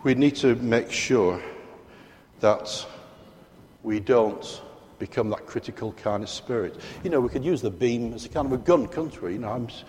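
A British man preaching a sermon in a large church hall, his voice trailing off into a long reverb. He speaks at a middle pitch and leans on his key words, turning to the congregation with questions. The tone is emphatic and direct. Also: normal speed, darkish tone, slight background noise.

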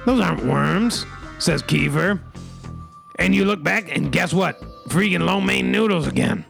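A man co-hosting a comedy radio show, presenting in a mock-solemn, deadpan way with rhyming catchphrases. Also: high voice, measured pace, creaky, faint music behind.

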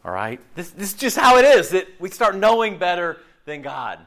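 A man's voice: high-pitched, normal speed. A man preaching a conversational sermon as a minister, joking and quizzing the listeners. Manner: joking, animated, asks the room questions.

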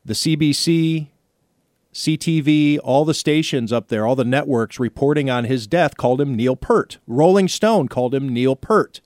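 A male radio host spins a story with chatty, mock-outraged energy. His voice sits at a middle pitch and comes through dry, close to the mic. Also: normal speed, a little mellow, no echo. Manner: chatty storyteller, playfully indignant. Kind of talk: casual studio banter.

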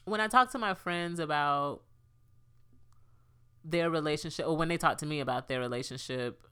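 A woman with a deep, smooth voice co-hosts a casual podcast at a normal speed. She's an animated storyteller who acts out quotes while chatting.

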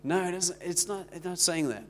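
A man's voice: sits high, moderate pace, fairly bright tone, big-room sound. A South African man preaching a sermon in a conversational way, acting out the little exchanges he quotes. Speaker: pastor.

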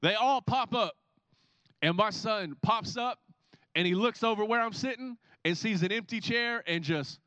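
A man in his thirties preaching a sermon as a pastor, telling stories in an animated way and acting out the scenes. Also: high voice, measured pace, no room sound. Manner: animated storytelling, acts out scenes. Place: church.

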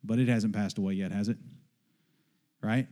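A male pastor preaching a sermon, emphatic and full of rhetorical questions, sometimes dropping low for quick asides. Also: fairly even intonation, warm tone.

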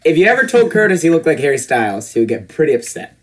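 Lively young man joking on a podcast. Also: fairly high pitch. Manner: joking, riffs into quick acted quotes. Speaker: podcast co-host. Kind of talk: casual chat.

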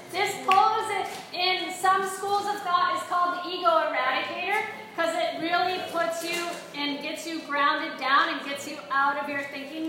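A woman's voice: very high-pitched, background noise. A woman instructor guiding a group of young players through breathing exercises and yoga poses, encouraging and asking the group questions. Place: large echoey room with a group of young hockey players. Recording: echoey room, distant mic.

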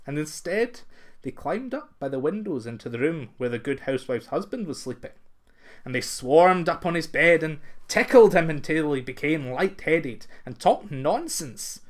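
A man narrating a folktale in an expressive, lilting way. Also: on the high side, normal speed. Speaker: storyteller.

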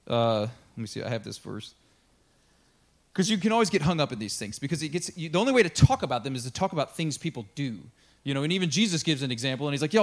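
A male pastor delivers a conversational sermon, slipping into quick acted-out voices. His pitch sits a little high and swings widely. Faint guitar music plays in the background. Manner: casual, conversational preaching with acted-out quotes and laughs.

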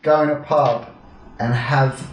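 A man's voice: mid-range voice, slow pace, recorded from a distance. A man from Kent with a southeast English accent, telling casual anecdotes with plenty of swearing and laughs. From Kent, England. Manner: swearing, laughing, animated anecdotes with acted-out quotes. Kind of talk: casual chat, storytelling. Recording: echoey room, faint noise.

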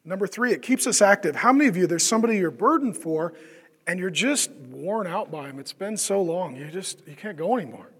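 Speaking animatedly and a little fast, a pastor with a high, fairly bright, slightly rough voice delivers a conversational sermon, with a long reverb tail on the sound. He often quizzes the congregation and acts out the voices of the people he describes.

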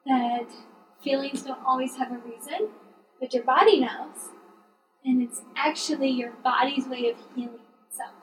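A woman's voice: sits high, normal speed, reverberant, distant mic, soft background music, rough recording. A woman who works as a counselor, chatting earnestly and affirmingly on a podcast. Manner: earnest, affirming, frequent agreement. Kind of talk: casual conversational chat.

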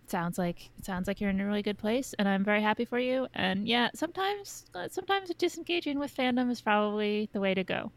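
A woman co-hosting a podcast, talking in a relaxed, casual way and swearing now and then. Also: mid-range voice, fast talker, hardly any pauses. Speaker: podcast co-host.

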